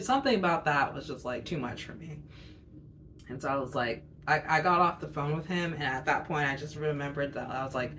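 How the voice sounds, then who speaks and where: A woman's voice: sits low, lively intonation, normal speed, pushed and bright, a little hiss or hum. A woman in her twenties telling a personal story as a casual storytime chat, rambling and candid with lots of fillers. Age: 20s.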